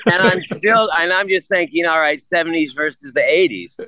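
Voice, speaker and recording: Over crowd noise in a low-quality recording, a podcast guest in his sixties animatedly retells a story, swearing freely and quoting the back-and-forth. His voice is a little high and his pace moderate, and the telling is casual.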